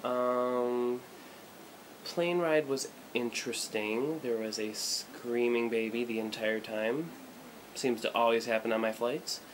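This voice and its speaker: A man's voice: mid-range voice, steady tone, takes it slowly, a little hiss or hum, low-quality recording. A young American man from the United States rambling through a casual travel vlog, full of fillers and blunt asides, filmed on a handheld camera in a small hotel room. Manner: rambling, irreverent, many fillers. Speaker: vlogger.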